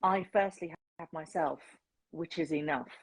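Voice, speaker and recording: A woman hosting an interview, talking in an earnest, open and reflective way with many pauses and ums. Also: sits low, husky, rough recording. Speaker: host. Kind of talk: casual interview chat.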